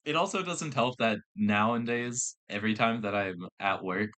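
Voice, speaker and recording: A man's voice: on the low side, normal speed, fairly bright tone. A young man, hosting a podcast and telling rambling stories full of swearing and fillers. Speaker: podcast host. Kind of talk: casual storytelling chat.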